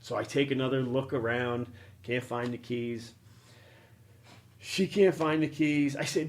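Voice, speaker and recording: A middle-aged man hosts a casual chat and tells an animated story. He laughs at himself and swears freely. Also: medium pitch, a little slow, long pauses. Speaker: podcast host. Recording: noisy action-camera room recording.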